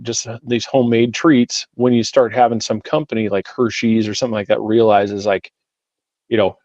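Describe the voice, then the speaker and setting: A man's voice: fairly low pitch, flat delivery, darkish tone, no echo. Rambling man on a muffled mic. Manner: rambling, halting explanations full of restarts. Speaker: podcast co-host. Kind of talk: casual podcast chat.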